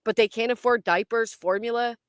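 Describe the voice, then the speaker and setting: Woman streaming outside by a tree, kinda high voice, cusses constantly, easily spooked, dry close sound. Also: fairly even intonation, a little fast, no echo. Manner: jumpy, swears a lot, talks to chat. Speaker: commentary livestream host. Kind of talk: casual livestream commentary. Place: outdoors sitting by a tree.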